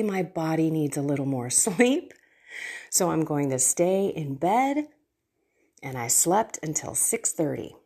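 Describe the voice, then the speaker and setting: A woman's voice: medium pitch, a little mellow, breathy edge. A middle-aged woman hosting a devotional podcast, talking casually and earnestly about her own prayer life and urging her listeners on. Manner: earnest, personal, exhorting listeners. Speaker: podcast host and faith coach.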